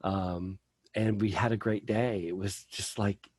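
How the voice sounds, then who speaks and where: Low-voiced man rambling through a story. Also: steady tone, unhurried, darkish tone, dry recording. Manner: rambling, heavy on fillers like "like" and "um". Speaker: podcast guest. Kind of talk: candid personal storytelling.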